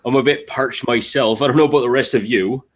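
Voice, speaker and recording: A man's voice: mid-range voice, quick pace. A man playing a tabletop game, describing his actions in a hesitant, rambling way. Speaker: player. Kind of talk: casual tabletop role-play.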